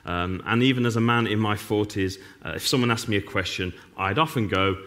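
A middle-aged man preaching a sermon as pastor, animated and full of dry, self-mocking humor. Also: lowish voice, moderate pace, few pauses. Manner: wry, self-mocking humor with sarcastic asides.

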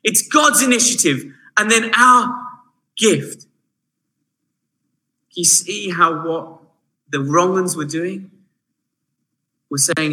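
A man preaching a sermon, animated and shifting from hushed asides to emphatic points. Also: high-pitched, takes it slowly, pauses often, rough recording.

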